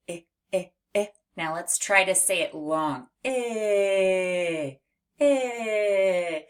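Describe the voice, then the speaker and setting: A woman teaching a children's phonics lesson, speaking slowly and carefully and repeating each sound for young learners to copy. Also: on the low side, a bit bright. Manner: slow, clearly enunciated, modeling sounds for children.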